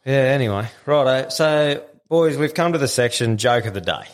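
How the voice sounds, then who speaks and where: A man's voice: medium pitch, animated, normal speed. A man with an Australian accent hosting a casual podcast, swearing and calling his guests mate and bro. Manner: blokey, swears, calls people bro and mate. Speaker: podcast host.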